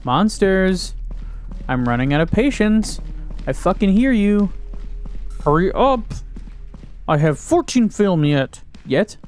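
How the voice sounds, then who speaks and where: A man's voice: high voice, very animated, slow, pauses often, darkish tone, soft background music. A young man giving casual gaming commentary, joking crudely, talking to himself and yelping when startled. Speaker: gaming YouTuber.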